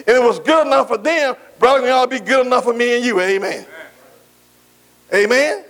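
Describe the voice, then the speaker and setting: His voice extremely high and a bit bright, a man preaches a sermon to his congregation, calling out "amen" to them. He leans on repeated phrases and eases his pace whenever he reads from scripture.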